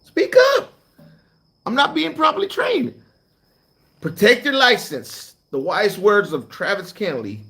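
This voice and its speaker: Animated man telling a trucking story. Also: high voice, moderate pace. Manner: animated storytelling, acts out dialogue. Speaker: truck driver trainer and channel host. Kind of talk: casual live chat with viewers.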